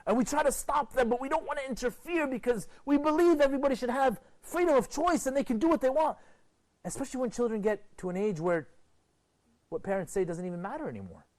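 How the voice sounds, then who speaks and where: A man presenting a TV program, giving an expressive motivational lecture to a group and asking rhetorical questions. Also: fast talker. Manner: expressive, rhetorical questions, sweeping pitch swings.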